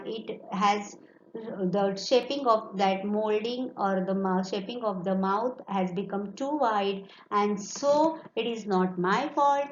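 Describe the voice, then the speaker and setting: A woman reading aloud as a village potter, defending himself with halting explanations. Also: mid-range voice, close to an everyday voice. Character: village potter blaming someone else. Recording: roomy, dull classroom recording.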